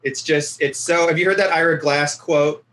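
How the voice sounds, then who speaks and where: A man's voice: on the high side, steady tone, moderate pace, fairly bright tone. A man from near Winnipeg hosting a casual podcast, telling stories about himself with a self-mocking manner and frequent laughs. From near Winnipeg, Canada. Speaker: podcast host.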